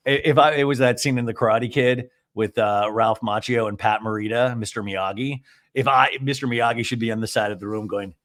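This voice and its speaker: A man hosting a comedic TV recap podcast, retelling scenes in an animated, gossipy way. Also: medium pitch, a little fast. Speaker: podcast host.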